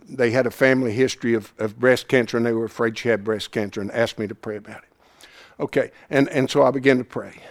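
A man preaching a sermon, fervent and repetitive, swinging between hushed storytelling and excited exhortation. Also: medium pitch. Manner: repeats phrases for emphasis.

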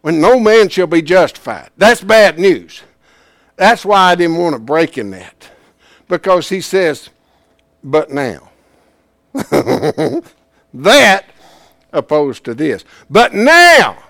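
A man teaching a Bible class in a folksy, plain-spoken way, swinging from hushed asides to loud emphasis. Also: fairly high pitch, lively intonation, takes it slowly, long pauses, no echo, studio quality.

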